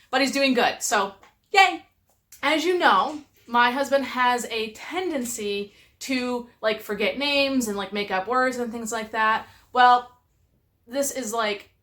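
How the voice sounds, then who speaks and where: A woman's voice: on the high side, a bit bright. A woman telling stories casually to camera, chatty and exasperated, with lots of "like". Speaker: vlogger.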